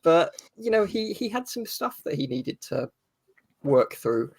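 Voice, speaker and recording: A man's voice: sits high, very animated, unhurried, vocal fry, husky, no room sound. Thoughtful man, dry recording. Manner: thoughtful, hesitant, dry humor. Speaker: author as guest. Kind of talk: casual interview answers.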